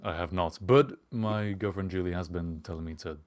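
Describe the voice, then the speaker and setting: A man's voice: low voice, moderate pace. A man co-hosting a casual chat and narrating a role-play as game master, teasing in a dry, wry way.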